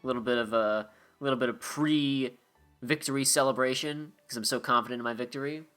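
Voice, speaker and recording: A man's voice: medium pitch, fairly quick, a bit bright, clear, resonant tone. A man doing let's-play commentary, reading game text aloud between joking, sarcastic, rambling asides. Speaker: gameplay commentator. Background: faint game music.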